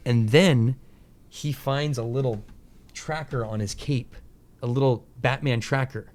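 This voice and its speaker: A male podcast host at a middling pitch who talks casually and at length. He rambles through animated retellings of scenes, peppering them with fillers, mild profanity and quick impressions.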